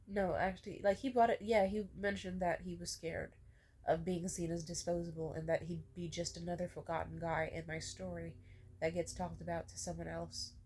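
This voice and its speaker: Young woman vlogger, low husky voice, ranting and swearing. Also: darkish tone. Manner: venting, swearing, questioning herself aloud. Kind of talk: emotional personal rant.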